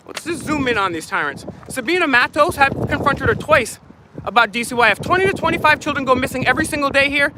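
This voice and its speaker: Man heckling loudly on a phone outdoors. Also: very high voice, animated, fast, background noise. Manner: heckling, accusatory, shouting boos. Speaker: activist vlogger filming a protest. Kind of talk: live protest vlog commentary. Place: outdoors at a public event. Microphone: phone held while filming.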